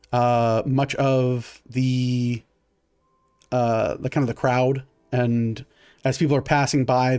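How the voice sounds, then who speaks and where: A man's voice: medium pitch, darkish tone, no echo. A man, narrating a tabletop game as game master in a casual, rambling way with many fillers.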